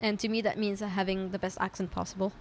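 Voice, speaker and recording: A woman's voice: mid-range voice, level tone, quick pace, a little hiss or hum. A woman streamer from France speaking English with a light French accent, chatting casually and often restarting her sentences. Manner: chatty, self-interrupting, swears casually. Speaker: VTuber streamer. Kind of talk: casual reaction stream chat.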